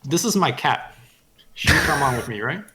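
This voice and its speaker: A man taking part as a player in a tabletop game, with a gravelly voice, speaking in character. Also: mid-range voice, expressive, normal speed, bright, forceful tone. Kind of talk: tabletop role-play.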